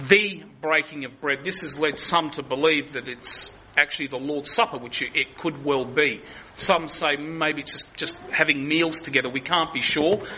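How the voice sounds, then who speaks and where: A man's voice: fairly high pitch, sharp tone, slight background noise, rough recording. A man preaching an earnest expository sermon, often restarting his sentences.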